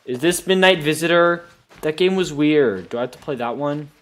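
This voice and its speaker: A man's voice: a little high, normal speed, lightly acted. A young man voicing an exasperated male player character in a comedy parody, whiny, sarcastic and easily rattled. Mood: nervous.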